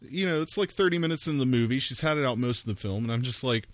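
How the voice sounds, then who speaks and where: A man's voice: mid-range voice, expressive, quick pace, hardly any pauses, no room sound. A man co-hosting a film podcast in casual chat, rambling through a story with fillers and easy laughs. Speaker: podcast co-host.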